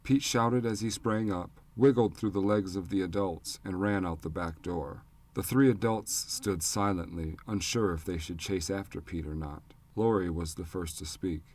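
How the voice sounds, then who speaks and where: A man narrating an audiobook in a measured, even storytelling manner on a close studio mic. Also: low voice. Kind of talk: scripted narration.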